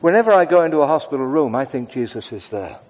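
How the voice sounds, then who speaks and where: A man preaching a sermon in a conversational way, moving between brisk asides and hushed, prayerful tones. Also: fairly high pitch, very animated, big-room sound.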